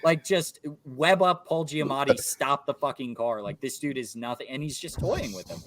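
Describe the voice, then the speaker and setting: A man's voice: mid-range voice, moderate pace, a bit bright, no echo, studio quality. A man co-hosting a podcast, talking casually and animatedly about films, swearing freely and acting out characters. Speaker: podcast co-host. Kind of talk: casual film review chat.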